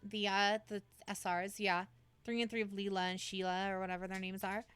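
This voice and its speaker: A woman's voice: mid-range voice, flat delivery, a little fast, a bit bright, clean tone. A woman streamer in casual livestream chat, coaching a friend through building a deck, with many fillers and restarts.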